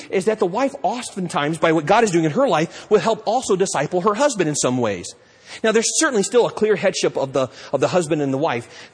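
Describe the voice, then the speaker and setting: A man's voice: on the high side, breathy edge, in a large hall. A middle-aged man preaching a sermon as pastor, impassioned and pleading, often acting out little scenes.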